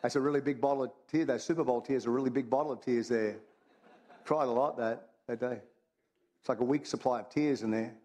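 A man's voice: medium pitch, steady tone, brisk, a little mellow. A man preaching a sermon, talking in a conversational, humorous way and repeating his phrases for emphasis. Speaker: pastor.

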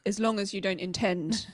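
A woman's voice: medium pitch, heavy background noise. A woman hosting a podcast, making a joking aside.

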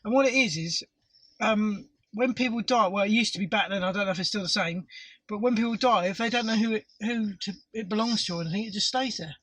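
A man's voice: high voice, quick pace, fairly bright tone, no echo, rough recording. A man in a casual podcast chat, blunt and sweary in his banter. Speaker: podcast co-host.

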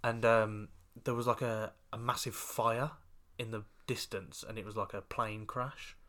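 A woman's voice: very deep voice, steady tone, a little slow, a bit bright. A young woman in casual chat, telling a story with many fillers. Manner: chatty, storytelling, laughs and coughs.

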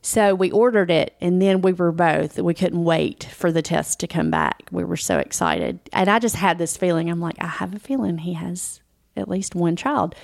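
A woman co-hosting a podcast tells a story in a relaxed, chatty way, stopping and restarting her sentences often. Her voice has a gravelly edge. The sound is dry and close. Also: lowish voice, moderate pace, few pauses, dry recording. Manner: emotional, storytelling, many restarts. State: close to tears. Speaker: podcast co-host. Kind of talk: casual chat.

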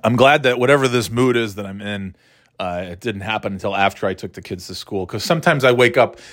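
A man's voice: on the low side, a little fast, fairly bright tone, dry recording, studio quality. A middle-aged man ranting casually, swearing often, sarcastic and grumbling, often stumbling and restarting his words. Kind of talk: rambling casual rant.

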